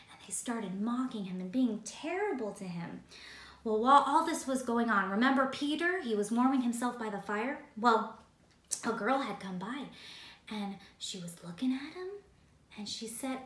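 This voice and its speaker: A woman teaching a Bible story lesson with animated, playful storytelling. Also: fairly high pitch, a little slow, echoey room, far from the mic.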